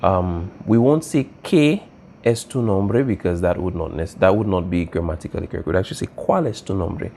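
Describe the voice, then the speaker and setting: A Spanish teacher with a low, slightly fry-edged, darkish voice teaches a language class at a moderate pace. He explains patiently, repeats key points, and checks in often with "all right?" There's slight background noise.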